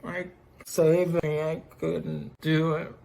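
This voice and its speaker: A man's voice: on the high side, flat delivery, creaky, darkish tone, a little hiss or hum, voice pushed up, full character voice. A man voicing a drunk, sleepy female pirate captain who slurs and trips over her words. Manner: slurred, slow, tripping over words.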